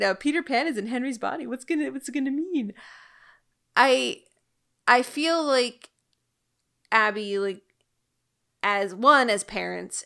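A woman's voice: mid-range voice, fairly bright tone, clean tone. A young adult woman co-hosting a podcast, reflecting on a TV show in a thoughtful, hedging way. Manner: thoughtful, hedging, many fillers. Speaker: podcast co-host. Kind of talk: casual TV recap chat.

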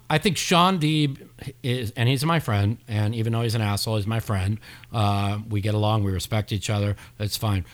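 A man's voice: medium pitch, a bit bright. A man hosting a talk show, speaking frankly in a casual, loose way with fillers. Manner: frank, talks with a lot of fillers. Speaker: host. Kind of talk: casual chat.

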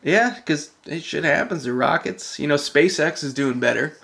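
Gravelly man, rambling casual chat. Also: on the high side, moderate pace, a bit bright. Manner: rambling, loose, swears casually.

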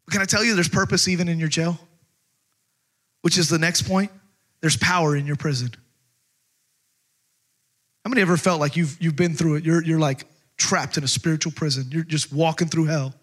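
An energetic man delivering a sermon in a high voice. He talks emphatically, repeats words for punch and slips into voices to act out the story. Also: moderate pace, long pauses. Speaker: pastor.

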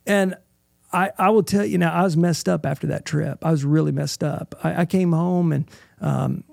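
A man's voice: a little high, steady tone, moderate pace, gravelly, a little mellow, no echo, clean studio sound. A middle-aged man, a guest in an interview, telling an emotional personal story in an earnest way and often checking in with "right?".

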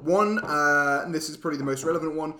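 A man's voice: on the high side, fast talker, pushed and bright, reverberant, slight background noise. A man co-hosting a podcast in casual chat, teasing his friend and laughing through his lines. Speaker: podcast co-host.

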